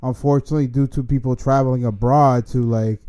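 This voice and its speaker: Male podcast host, mellow warm tone, teasing banter, casual. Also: medium pitch, fairly even intonation, brisk, smooth. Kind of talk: casual chat.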